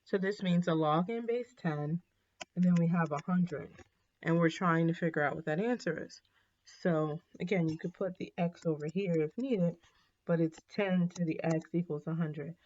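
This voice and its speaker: A woman teaching a math lesson in a casual, chatty way, with frequent ums and quick apologies for her slips. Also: fairly low pitch, darkish tone. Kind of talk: recorded classroom lesson. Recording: dull, slightly lo-fi.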